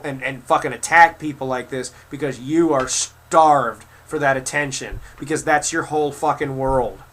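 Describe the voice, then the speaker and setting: Man, twenties, angry rant, heavy swearing, stammered repeats, tense bright voice. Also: medium pitch. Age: 20s. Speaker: video creator answering critics. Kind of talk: angry profane rant to camera.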